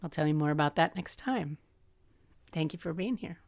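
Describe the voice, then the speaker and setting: A woman's voice: low-pitched, animated, moderate pace, pauses often, darkish tone, faint music behind. A middle-aged woman hosting a podcast, telling personal family stories in a chatty way, laughing often and acting out quotes. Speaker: podcast host. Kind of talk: personal storytelling.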